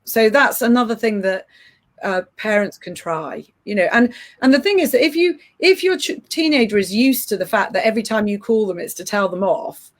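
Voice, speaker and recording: A woman's voice: mid-range voice, sing-song, normal speed. A middle-aged woman coaching parents, explaining earnestly with frequent restarts. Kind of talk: advice-giving podcast chat.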